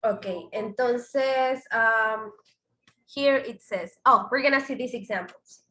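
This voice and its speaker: High bright teacher voice, echoey room. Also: female voice. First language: Spanish. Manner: explains slowly, mixing Spanish and English. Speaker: English teacher. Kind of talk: bilingual online class.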